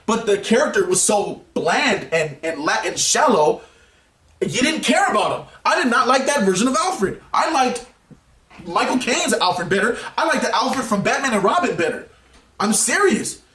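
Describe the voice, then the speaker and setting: A man giving a heated, exasperated movie review rant, laughing often and bursting into shouts. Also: sits high, roomy sound. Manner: animated, exasperated ranting with frequent laughs and sudden shouts.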